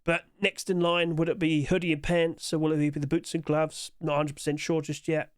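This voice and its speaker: A man's voice: a little high, little pitch movement, smooth, no room sound, clean studio sound. A man giving casual, rambling solo commentary on game skins, chuckling to himself as he goes. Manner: quick-talking, trying to rush through.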